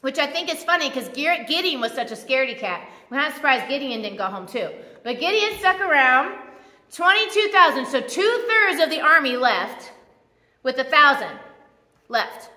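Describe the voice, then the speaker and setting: A woman preacher giving a casual, animated sermon that retells scripture in a church. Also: high-pitched, normal speed, roomy sound, big-room sound.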